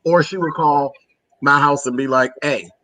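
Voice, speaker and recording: This Pennsylvania man hosts a relaxed chat at normal speed, his high-leaning voice pushed and bright but steady in tone. He laughs, chats freely, and addresses listeners as honey and girl.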